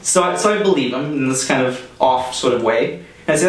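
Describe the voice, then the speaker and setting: A man's voice: mid-range voice, expressive, normal speed, far from the mic. Chatty young man telling a story. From Canada. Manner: casual and chatty, lots of fillers, laughs through his own story. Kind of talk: live personal storytelling to an audience. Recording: echoey room, heard from off the mic.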